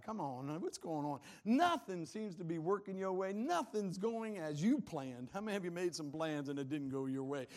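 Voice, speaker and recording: A man preaching a sermon as pastor, animated, firing questions at the congregation and laughing often. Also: on the high side, normal speed.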